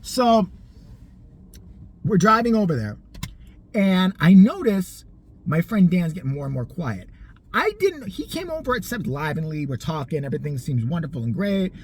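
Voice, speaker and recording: A vlogger telling a personal story casually, animated, profane and sarcastic, acting out the people in it. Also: mid-range voice, moderate pace, slightly rough.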